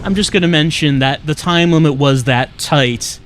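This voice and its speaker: A man's voice: fairly high pitch, normal speed, a bit bright, slight background noise. A man giving sarcastic, joking commentary while playing a video game. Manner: sarcastic, self-mocking jokes. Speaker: let's play commentator. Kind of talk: casual gameplay commentary.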